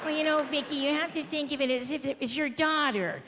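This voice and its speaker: A woman's voice: sits high, fairly quick. A woman voicing a prim, condescending shelter worker, lecturing in a patronizing tone. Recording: echoey hall with crowd noise.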